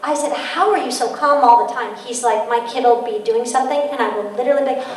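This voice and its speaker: A woman author giving a parenting talk to an audience, lively and acting out quoted voices. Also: a little high, quick pace, a little hiss or hum. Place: school event room with audience. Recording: echoey room, mic from a distance.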